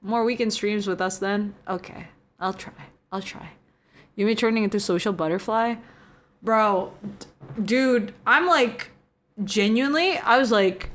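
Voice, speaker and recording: A young woman streamer chats casually with viewers and reads the chat, giggly and talkative, moving from soft to excited. Her voice is medium-pitched and a little slow.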